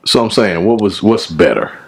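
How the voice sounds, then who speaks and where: A man's voice: on the low side, animated, normal speed, vocal fry, husky. A man co-hosting a podcast in casual chat, rambling with lots of fillers and joking defensively. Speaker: podcast co-host.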